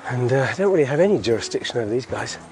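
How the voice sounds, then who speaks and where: A man's voice: mid-range voice, animated, very fast, noisy background. A middle-aged man hosting a community podcast outdoors, walking a hillside road and chatting casually with frequent chuckles.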